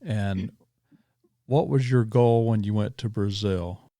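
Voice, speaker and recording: A man's voice: lowish voice, slow pace, mellow, dry recording, studio quality. A man hosting a casual interview podcast, asking rambling questions and checking the timeline. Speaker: podcast host.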